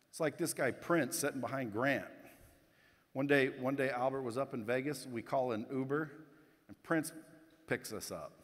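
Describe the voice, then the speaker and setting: Male keynote speaker, mid-pitched, blunt and casual, working the crowd, long hall reverb. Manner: blunt, casual, swears, addresses the crowd directly. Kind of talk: motivational keynote speech. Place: conference hall stage.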